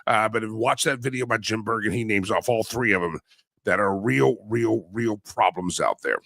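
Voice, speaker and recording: A man hosting a talk radio show, his voice hoarse and raspy and wearing out, talking in an animated, teasing way that swings between projecting and mumbling. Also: fairly low pitch, normal speed, no room sound, studio quality. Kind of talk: opinionated talk radio monologue.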